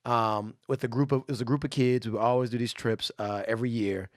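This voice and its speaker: A man's voice: medium pitch, steady tone, fast, no room sound, studio quality. A man co-hosting a podcast, telling a story in loose slang and acting out other people's lines. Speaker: podcast co-host. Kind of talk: casual storytelling chat.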